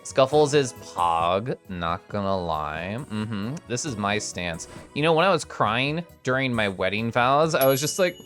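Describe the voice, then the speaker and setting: Lively, excitable streamer chatting casually. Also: medium pitch, unhurried, few pauses, faint music behind. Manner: excitable, playful, swears casually, makes little growly noises. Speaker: livestreamer and artist showing fan art. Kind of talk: casual livestream chat.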